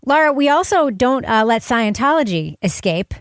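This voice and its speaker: A woman leads a casual podcast panel, her voice smooth and clear. She talks in a chatty, emphatic way, with blunt opinions. The sound is dry and close. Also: on the high side, sing-song, normal speed, no echo. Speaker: podcast host.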